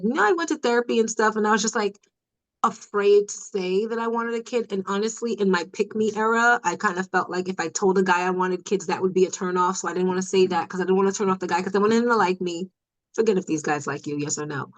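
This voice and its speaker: A woman speaking as a podcast guest, earnest and reflective, growing animated at times in candid conversation. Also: medium pitch, fast, low-quality recording.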